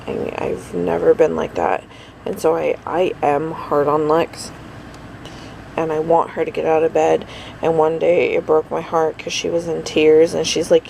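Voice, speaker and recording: A middle-aged woman talks through her day in a loose, rambling vlog, sounding tired. Her voice has a gravelly rasp, with a faint hum of noise behind her. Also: low voice, steady tone, a little slow, a little mellow, poor audio. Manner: rambling, chatty, lots of fillers. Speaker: vlogger. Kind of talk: casual daily vlog chat.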